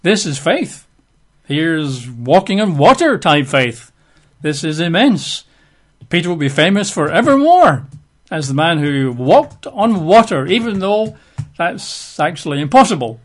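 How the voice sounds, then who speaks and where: A man delivering a sermon with a somewhat raised pitch, reading verses and then chatting about them. He drops in dry, joking asides and small laughs. His tone stays easygoing and conversational. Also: very animated, measured pace. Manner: conversational, wry asides and chuckles while reading scripture. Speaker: preacher.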